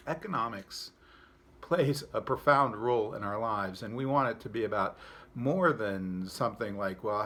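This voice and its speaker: Here the pastor's male voice sits lowish. In this devotional talk he shares a folksy story and afterward muses on it, keeping things easygoing and conversational.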